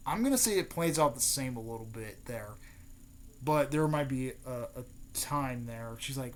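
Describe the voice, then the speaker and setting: A man's voice: medium pitch, moderate pace, a little hiss or hum. Rambling, cursing young man. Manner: rambling, profane, many fillers. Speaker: fan video host. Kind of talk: casual fan speculation.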